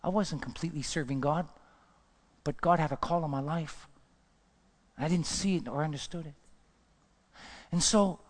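A male pastor telling his life story in a sermon, chatty and animated, asking the crowd questions and often restarting his sentences. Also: a little high. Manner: storytelling, animated, asks the audience questions, repeats himself. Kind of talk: testimony sermon.

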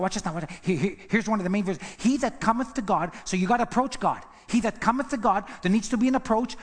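In a church with a long reverb tail, a male pastor with a high voice preaches a sermon emphatically, repeating words and swinging between loud and hushed lines.

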